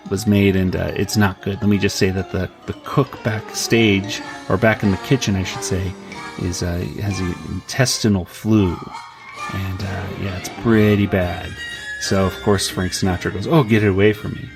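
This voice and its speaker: A man's voice: low voice, steady tone, normal speed, music in the background. A man co-hosting a podcast, casually recapping a comic and acting out the characters' lines in raised voices, with many fillers. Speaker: podcast co-host.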